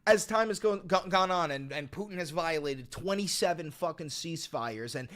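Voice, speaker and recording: A man in a fired-up commentary rant. His voice sits on the higher side and swings wildly in pitch. He swears constantly and turns sarcastic, then jumps to near-shouting disbelief. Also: animated, moderate pace. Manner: profane, sarcastic, rising to shouted outbursts. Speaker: political commentary host. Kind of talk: ranting commentary reading a statement aloud. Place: New York.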